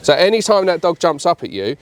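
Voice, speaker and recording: Blunt, sweary dog trainer. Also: male voice, on the high side, very animated, brisk. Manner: blunt, sweary, mimics the dog's thoughts. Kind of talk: hands-on dog training session.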